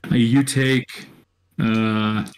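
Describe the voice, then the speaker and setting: A man narrating a tabletop battle as dungeon master, drawing out each scene in slow, descriptive lines. His voice sits at an ordinary middle pitch, and he stops now and then to find the next word. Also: level tone.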